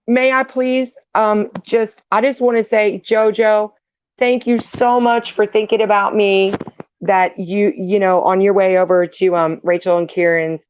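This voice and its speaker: A woman's voice: medium pitch, steady tone, clean tone, dry recording. Earnest woman on a muffled call. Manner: earnest, halting thanks. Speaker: livestream guest. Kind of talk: casual chat.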